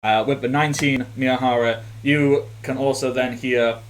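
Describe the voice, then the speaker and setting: A man's voice: mid-range voice, fairly even intonation, normal speed. A man narrating a tabletop game as game master, in a casual, rambling way with frequent fillers.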